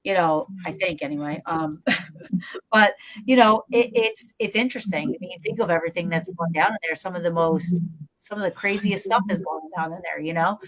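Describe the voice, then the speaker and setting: A woman's voice: fairly low pitch, moderate pace, poor audio. A woman telling a ghost-hunting story in casual chat, acting out the voices of everyone in it. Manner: animated, acts out voices in her story. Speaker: guest paranormal investigator.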